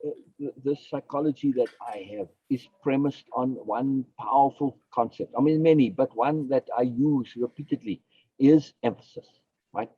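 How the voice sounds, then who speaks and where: A man's voice: mid-range voice, steady tone, moderate pace, breathy edge, no room sound, narrow, tinny audio. A man, a philosophy guest on a podcast, explaining his ideas emphatically, repeating key phrases and asking and answering his own questions.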